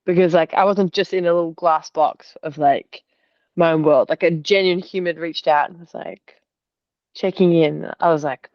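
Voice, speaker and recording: A woman's voice: on the low side, moderate pace, dry recording. A young woman from Australia telling a personal story in a casual, rambling way, full of fillers, on a video call. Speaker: artist sharing in a group call. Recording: dull, lo-fi video call audio.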